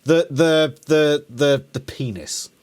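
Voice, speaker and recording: A man's voice: a little high, slow pace, darkish tone. A man hosting a casual watch-along chat over a video call, teasing his co-hosts and laughing often. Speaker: channel host.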